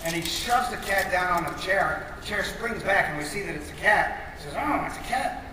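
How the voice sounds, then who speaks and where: Man pitching a cartoon on stage, animated storyteller, high-pitched, recorded from far back in a reverberant hall. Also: normal speed. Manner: animated, acts out scenes. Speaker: cartoon creator pitching a show. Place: large convention hall. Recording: echoey hall from far off, noisy.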